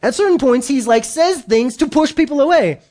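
A man's voice: very high voice, lively intonation, moderate pace, a little mellow. A man preaching a sermon in a casual, joking way, acting out the voices of the people he quotes. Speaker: pastor.

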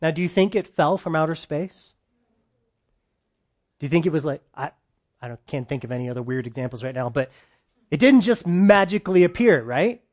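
A man delivers a casual, talky sermon in a voice sitting a little above the usual male range. He keeps checking in with his listeners through quick questions and moves between loud emphasis and hushed asides. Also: a little high, animated. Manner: chatty, asks listeners questions, swings between loud and soft. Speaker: preacher. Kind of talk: conversational sermon.

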